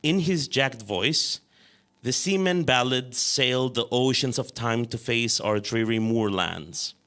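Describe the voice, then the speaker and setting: Man, author reading his story, slow, bright tone. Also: medium pitch. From Chile. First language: Spanish. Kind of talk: reading his own fiction aloud.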